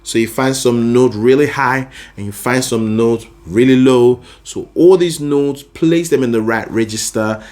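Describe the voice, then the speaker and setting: A man's voice: medium pitch, measured pace, few pauses, a little mellow. A man teaching a singing lesson, explaining voice registers and often checking in with the listener. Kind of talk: explaining with sung demonstrations.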